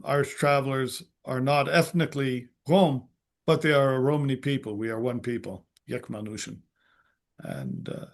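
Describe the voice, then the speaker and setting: A man telling a story as a podcast guest, halting and restarting, acting out the quotes. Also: medium pitch. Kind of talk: storytelling in conversation.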